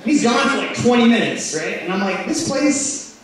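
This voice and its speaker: Young man, stand-up comedian, high voice, animated storytelling, distant mic, roomy club. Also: brisk. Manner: animated, swings into loud shouting impressions. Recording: roomy club sound from a distance with crowd laughter. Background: audience laughing.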